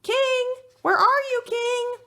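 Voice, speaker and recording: A woman doing an excited high little girl. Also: moderate pace. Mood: eager. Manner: high, excited, often shouting. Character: lively young girl, eager detective.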